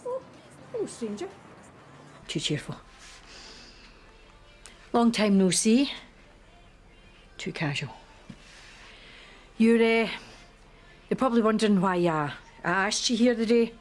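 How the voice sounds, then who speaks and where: An actress playing a wary, nervous middle-aged Scottish shop owner in a TV soap drama. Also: female voice, medium pitch, animated, normal speed, pauses often, faint music behind, natural voice.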